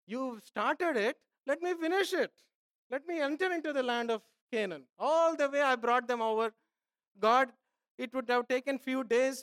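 A man's voice: very high-pitched, smooth, no room sound, clean studio sound. Emphatic male pastor preaching. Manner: emphatic, repeats phrases, swings from soft asides to loud pleading. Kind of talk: sermon.

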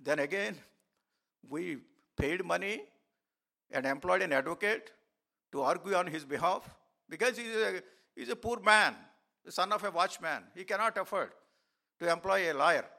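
Gravelly bright-voiced male preacher. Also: high-pitched, moderate pace, long pauses. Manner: storytelling with many fillers and restarts. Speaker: pastor. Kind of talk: sermon.

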